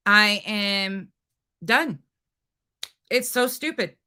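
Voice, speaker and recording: A woman's voice: medium pitch, extremely slow, sharp tone, smooth. A woman hosting a livestream, ranting angrily and profanely at a rival and taunting her. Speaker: livestream host. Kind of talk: heated livestream rant.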